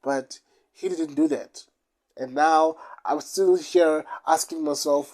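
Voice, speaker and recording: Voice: mid-range voice, measured pace, a little mellow. A young adult from South Africa with a South African accent, telling a personal story in a casual vlog, rambling and repeating phrases for emphasis. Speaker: YouTuber.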